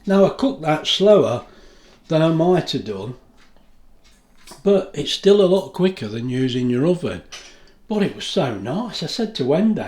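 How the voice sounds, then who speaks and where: This food vlogger, a middle-aged man, talks to camera in his home kitchen with a chatty, homely manner and frequent laughter. His voice is a little high and sing-song with a darkish tone, and he keeps a measured pace with long pauses. The room sounds echoey.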